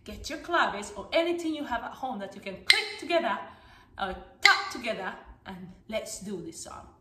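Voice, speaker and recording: A woman teaching a music lesson to small children, singing songs and talking to them in an animated, sing-song way. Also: a little high, moderate pace. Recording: echoey room with background noise.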